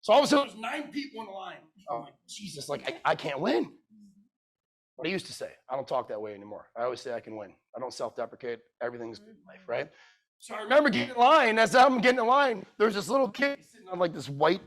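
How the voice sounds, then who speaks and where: A man's voice: high-pitched, animated, quick pace, fairly bright tone. A middle-aged man telling a sales story at a conference, acting out every line of dialogue. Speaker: keynote speaker. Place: conference room.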